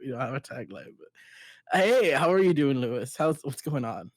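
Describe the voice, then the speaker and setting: A man's voice: medium pitch, very animated, a little mellow, no room sound. A man co-hosting a podcast, goofy and playful, tossing out jokes in casual chat. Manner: goofy, playful, quick to laugh. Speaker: podcast co-host.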